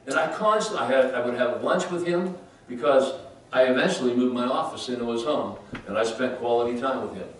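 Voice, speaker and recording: A man preaching a sermon as pastor, dramatically acting out scripture, then softening into personal storytelling. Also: medium pitch, slight background noise. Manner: emphatic preaching, voices Bible figures, drops to soft storytelling. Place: church sanctuary. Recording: roomy church, far from the mic.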